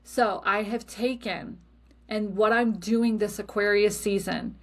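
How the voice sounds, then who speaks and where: A middle-aged woman hosting a solo podcast, talking casually in a blunt, expressive way and swearing freely. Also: mid-range voice, unhurried. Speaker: podcast host.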